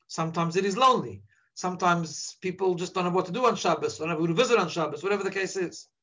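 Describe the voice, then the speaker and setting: A man's voice: sits high, quick pace, bright, forceful tone, lo-fi sound. A man giving an earnest sermon as a rabbi, repeating words as he searches for his phrasing. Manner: drops into Yiddish when quoting.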